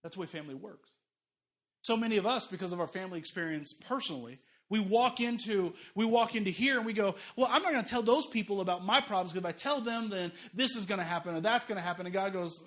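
A middle-aged man preaching with a high, bright voice. He rattles along quickly and acts out the voices he quotes with energy. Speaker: pastor. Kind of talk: sermon.

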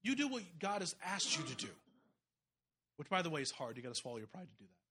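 A man preaching an impassioned, folksy sermon, rising to loud urgent peaks and dropping to quiet asides. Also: on the high side, sing-song, fast, husky. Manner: folksy, uses y'all and slang. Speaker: guest preacher.

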